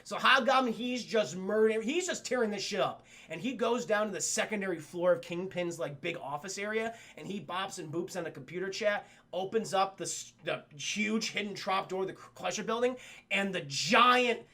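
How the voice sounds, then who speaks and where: An excitable man reviewing a cartoon episode on a live stream, swearing freely as he talks to his chat. His voice is bright and gravelly, and it jumps around a lot in pitch. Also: moderate pace.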